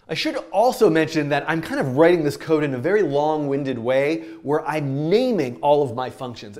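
A man teaching programming while coding live, thinking aloud in an animated, rambling way and laughing at his own slips. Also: mid-range voice.

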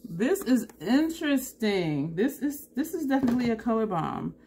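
Mellow woman talking through makeup. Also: fairly high pitch, very animated, a little hiss or hum. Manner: thinks aloud, unhurried, self-correcting. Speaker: beauty vlogger. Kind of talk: makeup tutorial talk.

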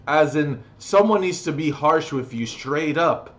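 A man's voice: on the high side, expressive, unhurried. A young adult man vlogging a comedic, profane rant reviewing music, mocking and exasperated.

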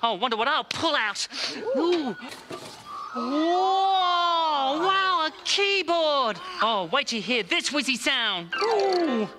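A woman's voice: high voice, animated, slow pace, over loud music. A woman playing a bubbly fairy wizard. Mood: excited. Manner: bright, sing-song, exclaiming. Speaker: Wizzy, a fairy who casts spells. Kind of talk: children's TV musical acting.

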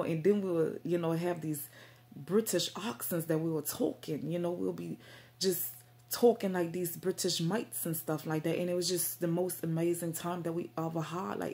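A woman's voice: on the low side, vocal fry, dark tone. A woman vlogging straight to camera about faith and herself, rambling and stumbling over her words with lots of fillers. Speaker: Christian vlogger. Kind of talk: casual direct-to-camera talk.

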